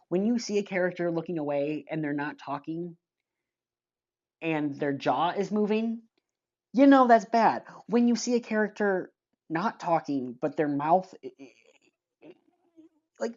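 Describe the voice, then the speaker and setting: A woman's voice: low voice, a little mellow, dull audio. A woman giving a casual movie review, blunt and rambling, sighing and groping for names.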